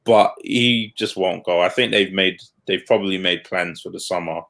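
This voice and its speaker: Casual male co-host, low gravelly voice, blunt and quick to laugh. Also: fairly bright tone. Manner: blunt, laughs at his own points. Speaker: podcast co-host. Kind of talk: casual football chat.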